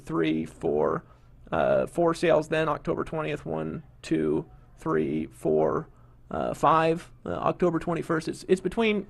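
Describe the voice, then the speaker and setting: Middle-aged guy running a webinar, high voice, pushy salesy talk. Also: creaky. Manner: pushy salesman, scolds a complainer. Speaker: webinar host. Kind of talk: live marketing webinar.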